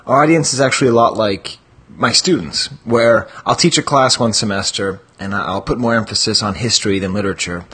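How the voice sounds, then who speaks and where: Male podcast host, husky, chatty, rambling asides. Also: fairly low pitch, brisk, bright, forceful tone. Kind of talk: casual podcast chat.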